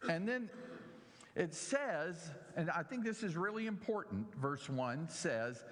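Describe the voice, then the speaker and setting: Guy teaching a church bible class, slow and drawn out, voice goes way up and down, big echoey hall. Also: a little high, animated, a bit bright. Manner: slow, emphatic teaching with audience questions. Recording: long hall reverb.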